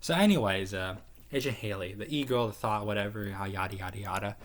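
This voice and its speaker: A man's voice: fairly low pitch, brisk. Give me a rambling, profane guy ranking his online friends. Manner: rambling, profane, lots of fillers and restarts. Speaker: tier list commentator. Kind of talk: casual profane commentary.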